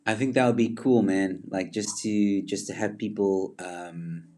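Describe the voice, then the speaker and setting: A man's voice: lowish voice, steady tone, measured pace, mellow. A man hosting a casual livestream, greeting viewers by name and rambling with many fillers and restarts. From Zimbabwe. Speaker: livestream host. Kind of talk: casual livestream chat reading viewer comments.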